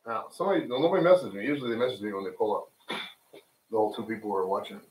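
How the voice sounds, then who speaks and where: Man, casual host, swears a lot, lively up-and-down voice, roomy echo, mic set back. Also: fairly low pitch, racing, far from the mic, slight background noise. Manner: loose, profane, joking, off-the-cuff. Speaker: livestream show host. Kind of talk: casual rambling chat. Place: home room with friends.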